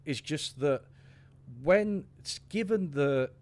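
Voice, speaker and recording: A man's voice: fairly high pitch, lively intonation, takes it slowly, a little mellow. Rambling man. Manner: rambling, restarting, many fillers. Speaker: guest economist. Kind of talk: casual discussion.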